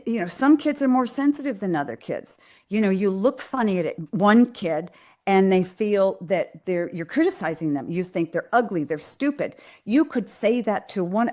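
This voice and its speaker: A woman's voice: medium pitch, animated, moderate pace, a little mellow. Earnest middle-aged woman giving parenting advice. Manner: earnest, direct, acts out parents' and kids' lines in quotes. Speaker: pediatrician and parenting host. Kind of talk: live Q&A parenting advice talk.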